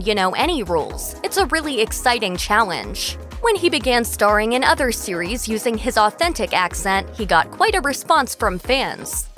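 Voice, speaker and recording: A woman narrating a scripted entertainment video in a brisk, polished voice-over. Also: fairly high pitch, a bit bright. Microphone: close studio voice-over mic.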